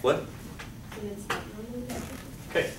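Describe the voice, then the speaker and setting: A male statistics teacher lecturing a class in an animated, joking way, often asking students questions. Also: drawn-out words, far from the mic. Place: lecture hall. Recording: echoey hall, voice off-mic, faint hiss.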